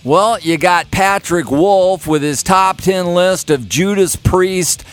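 A man hosting a rock music podcast, talking in a relaxed, wry way. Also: high-pitched, slow, hardly any pauses. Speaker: podcast host. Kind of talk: casual podcast talk.

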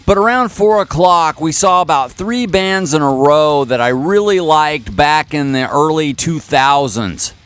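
A man's voice: fairly high pitch, unhurried, hardly any pauses, fairly bright tone, faint music behind. A man in his fifties from Kansas City telling a casual, wry and folksy story as a podcast host. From Kansas City area, USA. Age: 50s. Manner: folksy, wry and self-mocking.

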